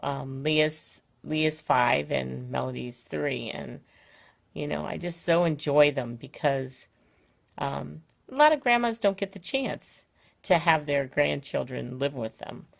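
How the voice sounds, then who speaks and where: A woman's voice: low voice, slow, creaky. An older woman chatting casually from her home on a live stream, rambling with many fillers and restarts. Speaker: Facebook Live host. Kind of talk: casual chat. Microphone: phone or webcam, live stream.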